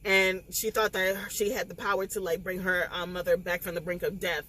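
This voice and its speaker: A woman, recapping a novel in a casual spoiler vlog, tearful and animated as she acts out the scenes. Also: on the low side, moderate pace, low-quality recording. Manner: animated, emotional retelling with quoted dialogue. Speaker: book vlogger.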